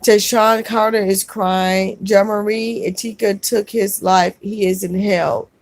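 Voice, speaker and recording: Gentle woman reading live comments. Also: medium pitch, fairly even intonation, no room sound. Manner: gentle and consoling, calls viewers sweetheart; halting, with fillers and restarts. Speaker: vlogger hosting a livestream. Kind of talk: casual livestream chat, reading viewer comments aloud.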